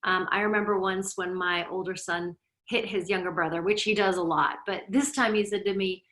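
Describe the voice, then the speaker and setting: Middle-aged woman from Lebanon, therapist and yoga teacher, bright voice, gently guiding talk, roomy echo. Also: medium pitch, fairly even intonation, normal speed. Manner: conversational, reflective, gently guiding. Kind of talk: teaching talk with personal stories.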